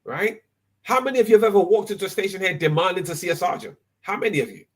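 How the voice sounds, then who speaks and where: A man's voice: high voice, animated, quick pace. A man hosting a live online talk, emphatic and often tagging his points with "right?". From Nigeria. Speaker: host.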